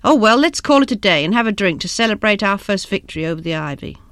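A woman voicing Gus, a brisk, impatient man who talks brusquely. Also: mid-range voice, expressive, fairly bright tone, dry recording. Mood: testy. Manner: brusque, testy.

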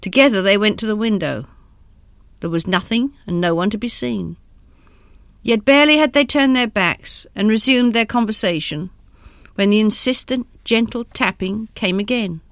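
A woman narrating a written story in a measured, even way. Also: mid-range voice, no echo, clean studio sound. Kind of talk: scripted story reading.

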